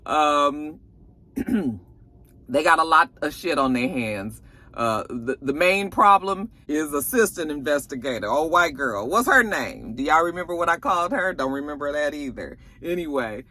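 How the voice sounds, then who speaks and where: A man's voice: fairly high pitch, bright, forceful tone. A man giving a casual, chatty recap of a TV episode, colloquial and full of fillers. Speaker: TV episode reviewer.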